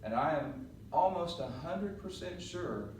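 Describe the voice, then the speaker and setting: A middle-aged man coaching on presentation skills, telling a lively story to a class and acting out the voices. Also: on the high side, unhurried. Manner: animated storyteller, laughs and acts out voices. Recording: roomy echo, mic at a distance, faint noise.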